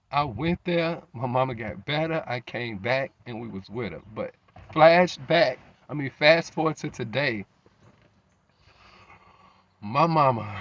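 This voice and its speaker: A man's voice: medium pitch, fairly bright tone. Grieving man telling a rambling story. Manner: rambling, emotional storytelling with frequent restarts. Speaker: vlogger. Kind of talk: emotional personal monologue. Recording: slightly dull lo-fi recording.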